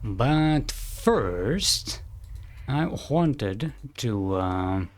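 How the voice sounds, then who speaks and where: Slow, rambling male game streamer. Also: medium pitch, lively intonation. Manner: rambling, hesitant, self-correcting. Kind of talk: thinking aloud while playing.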